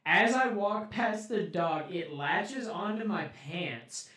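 A man's voice: sits high, lively intonation, slow, sharp tone, far from the mic. A young man co-hosting a podcast, casually telling stories and mimicking other people's voices, with frequent swearing. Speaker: podcast co-host. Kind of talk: casual chat. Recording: echoey room, voice off-mic.

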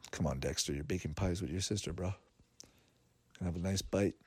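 A low-voiced man, his recording carrying a slight hiss or hum, casually comments while watching a cartoon. He laughs a lot and thinks out loud, filling pauses with filler words as he reacts.

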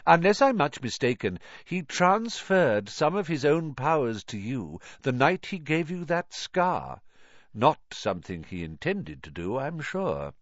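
A man voicing a wise, gentle old male headmaster who speaks softly and calmly, on a dull lo-fi recording. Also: fairly high pitch, dry recording, voice pushed up. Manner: soft, calm, measured.

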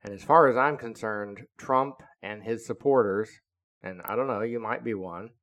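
A man in his seventies, a retired naval officer, telling a story in an indignant, deliberate, lecturing way. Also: on the low side, fairly bright tone. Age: 70s. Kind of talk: casual storytelling monologue.

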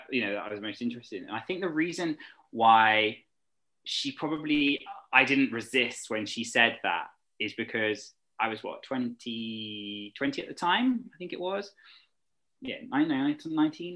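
A man's voice: mid-range voice, expressive, normal speed, pushed and bright, poor audio. A young man chatting eagerly as an interview guest, rambling with fillers. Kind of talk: casual interview chat.

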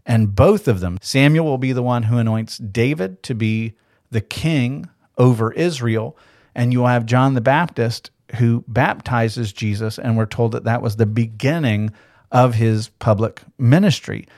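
A man's voice: mid-range voice, a little slow, a little mellow, dry recording. A man in the middle of his range walks through a Bible passage on a podcast, talking it over conversationally and asking rhetorical questions along the way. The sound is dry and close, with no room around it. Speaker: Bible teacher.

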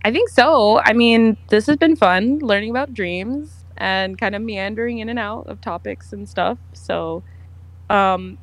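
A woman co-hosting a casual podcast, telling stories in a bubbly, animated way. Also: mid-range voice, a little slow, dry recording. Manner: bubbly storyteller, animated, lots of "like". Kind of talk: casual chat.

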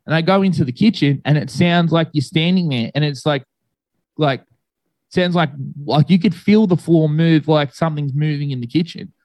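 A young man tells a spooky story to friends, rambling through fillers and swearing freely. His voice sits a little high for a man. The sound is dry and close, with no room around it. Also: moderate pace, darkish tone, dry recording, rough recording. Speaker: guest telling a ghost story. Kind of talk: casual storytelling among friends.

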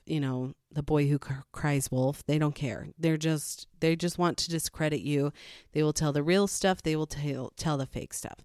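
With a low, resonant, clear voice captured in a dry, studio-quality recording, a woman shares straightforward parenting tips as a mother and vlogger. The talk is casual and matter-of-fact, peppered with lively quoted asides.

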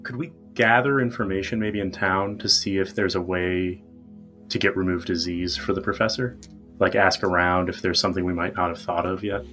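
A man's voice: low-pitched, fairly even intonation, normal speed, sharp tone, faint music behind. A man playing a tabletop game, chatting casually and jumping in eagerly. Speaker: player.

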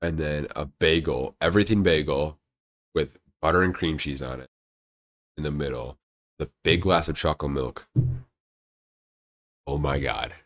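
A young man in casual podcast chat, excitable and crude, joking with friends. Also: a bass voice, a little slow, long pauses. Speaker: podcast co-host.

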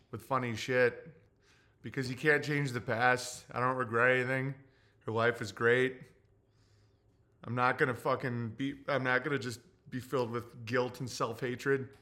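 A man in his forties talks on his livestream with a bright, forward tone, tearful and halting. His speech stumbles through fillers and restarts, and he swears bluntly as he reads chat. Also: medium pitch, fairly even intonation. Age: 40s. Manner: profane and blunt. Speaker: livestream host. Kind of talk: casual livestream talk reading chat.

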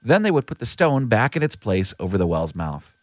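A man giving a clear, steady scripted reading of scripture. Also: on the low side, a little fast, no echo. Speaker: scripture reader.

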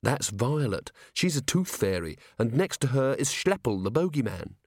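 A steady young woman of the city watch, voiced by a male reader close to his own voice. She speaks plainly and matter-of-factly. The audio is dry and close. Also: medium pitch, normal speed, no room sound. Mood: firm. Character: steady young female watch officer, blunt. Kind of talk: audiobook character voice.

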